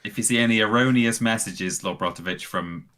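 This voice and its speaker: Deep, bright-toned British man reading donations. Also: fairly quick. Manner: reads donation messages aloud, laid-back. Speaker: stream co-host. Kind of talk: casual charity stream chat.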